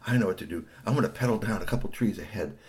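A man's voice: lowish voice, racing, darkish tone, natural voice. A man voicing a determined young kid on a bike, eager and plotting. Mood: scheming.

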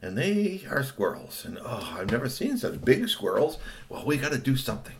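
A man telling an improvised children's story in an animated, playful way. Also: mid-range voice, moderate pace.

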